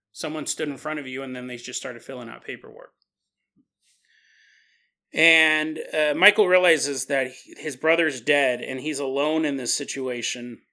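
Bright, animated male storyteller. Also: fairly high pitch. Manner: animated, conversational retelling. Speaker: podcast host. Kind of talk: paranormal storytelling.

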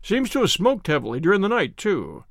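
A man's voice: sits high, wildly swooping pitch, fairly quick, dry recording, clean studio sound, exaggerated voice. A man playing a hearty, emphatic police inspector. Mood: reporting.

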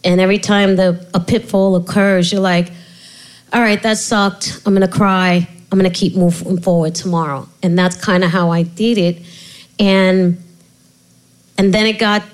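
A woman's voice: medium pitch, moderate pace, rough recording. A middle-aged woman, an author and guest, telling her life story in an interview with many restarts. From Puerto Rico heritage. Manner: animated storyteller, laughs often, many restarts. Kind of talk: candid interview conversation.

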